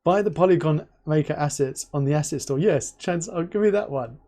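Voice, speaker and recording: A man's voice: fairly high pitch, a little fast. A man from England hosting a casual live interview, joking and telling stories with lots of laughter. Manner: joking, animated storyteller, laughs often. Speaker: host.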